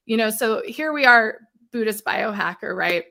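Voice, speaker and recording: A woman hosting a live-stream chat, warm and enthusiastic, affirming her guest and greeting viewers. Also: on the high side, lively intonation, moderate pace, creaky. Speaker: live show host.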